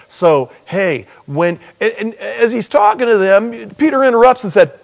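A man's voice: high voice, a little slow, hardly any pauses, long reverb tail. A man preaching a sermon in a humorous, conversational storytelling way, acting out quoted dialogue.

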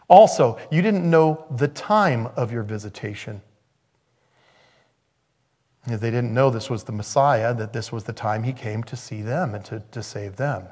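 A man preaching a sermon, telling stories in an animated way and acting out the voices in them. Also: mid-range voice, a little slow. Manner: animated storytelling, acts out quoted voices.

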